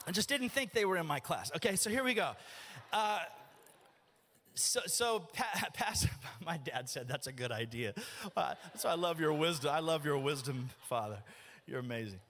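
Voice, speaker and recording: A man's voice: a little high, normal speed. A man, preaching a folksy, joking sermon in a church. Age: 40s. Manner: folksy, joking, animated storytelling. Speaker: pastor. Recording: long reverb of a church hall.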